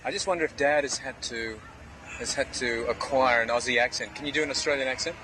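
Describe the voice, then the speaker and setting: A man's voice: medium pitch, quick pace. A male interviewer asking friendly questions, recorded outdoors near traffic. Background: street and car noise.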